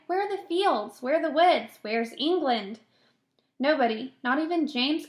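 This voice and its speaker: Woman teacher reading a novel aloud. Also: fairly high pitch. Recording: roomy echo.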